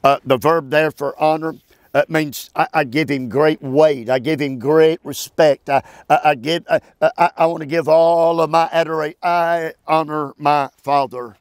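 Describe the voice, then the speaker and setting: A man teaching a Bible passage verse by verse, emphatic and preacherly, with halting restarts and calls for amen. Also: fairly high pitch, fairly even intonation, no room sound.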